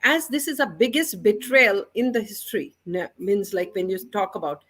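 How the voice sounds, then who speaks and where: A woman's voice: mid-range voice, lively intonation, normal speed, a bit bright. A woman speaking emphatically as a panelist in a political debate, using "you know" fillers and slipping into Hindi.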